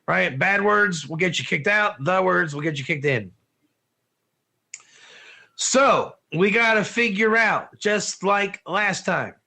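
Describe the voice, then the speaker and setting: A Torah teacher gives a lively online class lecture in an animated, high voice with vocal fry, speaking slowly. He asks the class questions, often says "one or two," and laughs at his own jokes.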